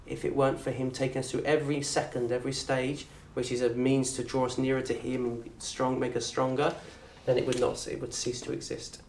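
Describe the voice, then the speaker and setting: A man with a southern English accent teaching an Arabic course in a lecture room. He talks in a lively way, quizzes the audience and acts out little scenes. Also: mid-range voice, a little fast, creaky, few pauses, slight background noise. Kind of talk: lecture to an open day audience. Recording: roomy echo from a distant mic.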